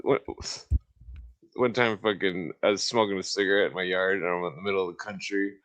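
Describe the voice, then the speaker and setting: A man's voice: low-pitched, fairly even intonation, fairly quick, highs cut off. Crude laughing podcast co-host man. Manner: crude, laughing, acts out loud quotes. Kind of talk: casual podcast chat.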